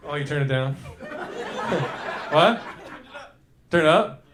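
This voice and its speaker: A young man doing live stand-up, riffing crudely with the crowd, often laughing and breaking into shouts, on a handheld stage mic. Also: on the high side, animated, slow, noisy background. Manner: loose, crude, laughing through lines, shouting bursts. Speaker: stand-up comedian. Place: comedy club stage before a live audience.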